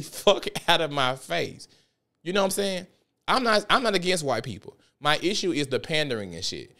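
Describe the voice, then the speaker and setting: A young man from South Memphis with a Memphis Southern accent, hosting a podcast and telling stories in a loose, profane, animated way. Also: on the high side. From South Memphis, Tennessee. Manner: profane, animated storytelling with frequent laughs. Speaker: podcast host. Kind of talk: casual podcast monologue.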